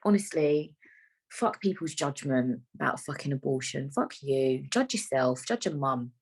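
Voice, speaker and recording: A woman's voice: extremely low pitch, lively intonation, measured pace, darkish tone, husky. A young woman hosting her own podcast, talking frankly and rambling, with plenty of swearing. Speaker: podcast host. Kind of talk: casual solo podcast monologue.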